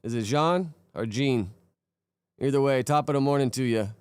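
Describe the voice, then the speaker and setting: Laid-back young male streamer, smooth voice. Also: mid-range voice, fairly even intonation, rapid-fire, mellow, no room sound. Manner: laid-back, rambling, greets chatters by name. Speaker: streamer reacting to videos and chat. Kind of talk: casual live-stream chat.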